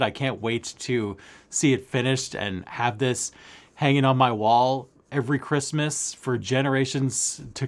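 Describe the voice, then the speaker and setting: A man talking excitedly to camera in a casual monologue, stammering and repeating himself as he goes. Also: medium pitch. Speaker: cross-stitch vlogger.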